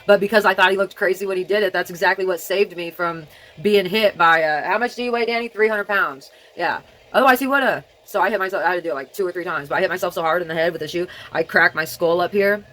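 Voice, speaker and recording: A woman speaks in a slightly low register, yet her way of talking sounds childlike. She rambles through a casual vlog monologue at home, hopping from one topic to the next. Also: fast talker, fairly bright tone, poor audio. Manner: rambling, jumps between topics. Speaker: vlogger.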